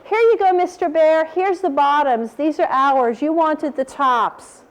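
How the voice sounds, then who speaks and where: A woman's voice: high-pitched, unhurried, poor audio. A woman voicing a sly, cheerful male hare in a storybook read aloud. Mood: cheery.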